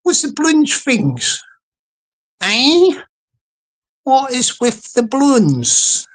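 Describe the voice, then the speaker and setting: A woman's voice: high voice, very animated, slow. A woman hosting a livestream, playful and rambling as she talks to the chat. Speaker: livestream host.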